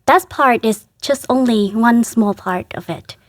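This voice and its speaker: A woman from Vietnam, a Catholic sister, speaking in a halting, earnest way and laughing softly between phrases as an interview guest. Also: on the high side, no room sound. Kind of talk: casual interview.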